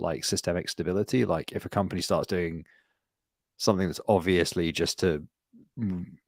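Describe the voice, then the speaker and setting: A man co-hosting a podcast, rambling and swearing through animated casual stories. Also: low voice, dry recording, studio quality. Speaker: podcast co-host. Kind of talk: casual chat.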